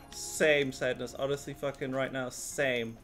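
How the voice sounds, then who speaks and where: A man giving rambling, swearing, excitable commentary while playing a video game. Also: medium pitch. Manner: rambling, excitable, swears often, laughs a lot. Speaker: gaming video host. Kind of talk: let's play commentary.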